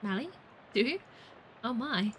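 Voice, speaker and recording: A woman's voice: on the high side, animated, unhurried, fairly bright tone, slight background noise, poor audio. A woman chatting playfully through a video game on a livestream, muttering to herself and playing with words. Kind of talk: gaming livestream commentary.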